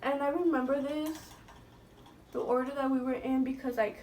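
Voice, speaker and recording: A young woman who vlogs about beauty swears her way through a casual story, relying on "like" and slipping in Spanish slang. She speaks at a normal speed in a high-pitched, slightly mellow voice with fairly even intonation, somewhat distant from the mic, with a little hiss or hum.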